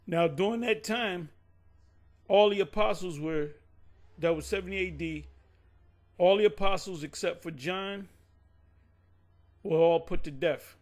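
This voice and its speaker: With a high voice, a slightly slow pace, and long pauses, a man gives casual Bible teaching. His talk meanders, often stopping for self-corrections and tangents into side stories.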